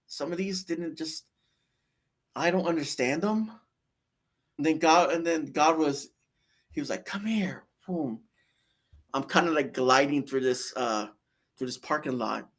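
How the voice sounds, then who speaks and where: A man's voice: on the high side, a little slow, long pauses, fairly bright tone. A man telling his near-death story in a casual, rambling way, with many fillers and restarts. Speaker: guest sharing a near-death experience.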